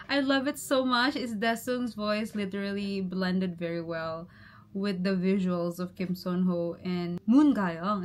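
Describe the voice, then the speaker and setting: A woman YouTuber chatting excitedly to her viewers as she reacts to a music video. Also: mid-range voice. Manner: gushing, exclamatory, talks straight to viewers. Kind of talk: excited reaction vlog chat.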